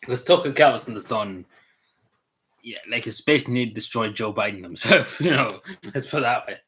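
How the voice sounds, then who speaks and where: A man's voice: medium pitch, normal speed, fairly bright tone, slightly rough. A man with an Irish accent giving casual, meandering commentary as a vlogger, swearing freely and padding his talk with fillers.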